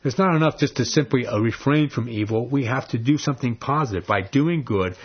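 A man preaching a sermon, telling a story with animated energy and laughing as he gets excited. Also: mid-range voice, brisk, hardly any pauses, breathy edge. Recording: dull lo-fi recording.

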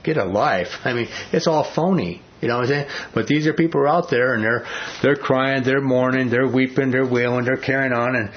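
A man leading an informal Bible study, talking conversationally and often asking the class questions. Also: medium pitch. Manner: conversational, asks the class questions, many fillers. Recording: dull lo-fi recording.

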